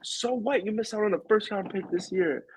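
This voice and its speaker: A man's voice: high-pitched, fairly quick, slight background noise, low-quality recording. A man co-hosting a podcast, chatting casually about sports and jumping in with hot takes. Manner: excitable, jumps in with hot takes. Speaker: podcast co-host.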